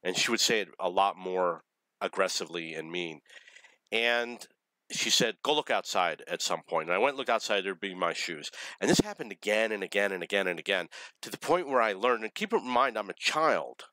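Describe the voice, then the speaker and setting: An adult man earnestly telling a personal story in a halting monologue, with many pauses and restarts. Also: low-pitched, lively intonation, sharp tone, no room sound, poor audio. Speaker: vlogger.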